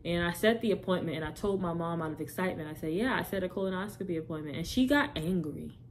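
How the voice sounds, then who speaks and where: This young woman talks fast in a lowish voice, laying out her personal testimony frankly for her viewers. She rambles and backtracks to correct herself, and there's slight background noise.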